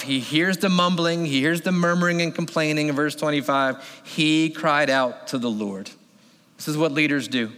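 A man in his thirties preaching a sermon as a pastor, telling the story with animated delivery and acting out voices. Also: medium pitch. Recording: long hall reverb.

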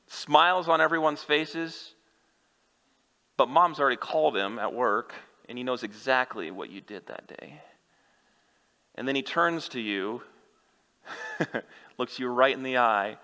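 A man preaching an unhurried sermon in a bright, forceful voice. His earnest address to the congregation rings out with a long hall reverb, as in a church sanctuary. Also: medium pitch. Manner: earnest direct address to listeners. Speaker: pastor.

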